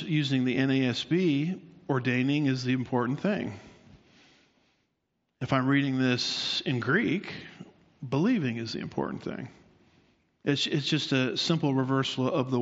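A man's voice: medium pitch, normal speed. A man teaching the Bible in a sermon, explaining at length and asking his listeners rhetorical questions. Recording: dull sound with long hall reverb.

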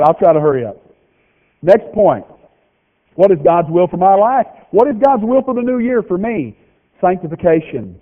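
A man preaching a folksy, joking sermon, with lively swings in pitch. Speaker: pastor. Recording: tinny phone-like radio broadcast of a hall.

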